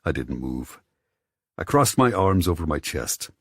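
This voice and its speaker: A very low, husky male voice reads a first-person story in measured, even steps. It sits dry and close to the mic, with nothing around it. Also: no echo. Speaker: audiobook narrator. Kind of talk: scripted first-person narration.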